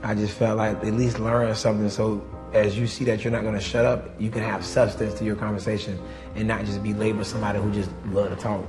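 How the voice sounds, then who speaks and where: A man co-hosting a podcast, talking in a measured, thoughtful way. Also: lowish voice, level tone, over music. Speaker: podcast co-host. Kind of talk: casual interview talk.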